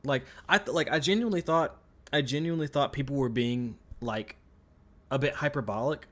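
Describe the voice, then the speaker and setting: Streaming a video game, a man with a medium-pitched, fairly bright voice talks a little fast. Frustrated, he rants with heavy swearing in his live commentary, repeating himself and restarting sentences that trail off.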